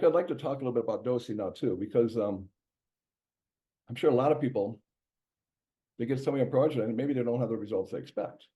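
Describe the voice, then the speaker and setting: A man, a doctor, giving a casual health presentation in a conversational way, with many fillers and restarts. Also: mid-range voice. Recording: dull lo-fi recording.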